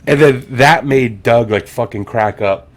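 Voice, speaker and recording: A young adult man hosting a podcast, telling a story in a casual, animated way, swearing and acting out the people in it. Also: mid-range voice. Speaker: podcast host.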